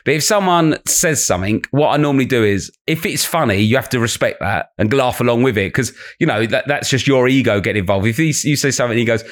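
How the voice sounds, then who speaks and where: A man with a London accent chats as a guest comedian. He talks quickly, with a medium-pitched voice. He tells animated stories and acts out heckles by jumping into higher, louder voices. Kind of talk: casual podcast chat.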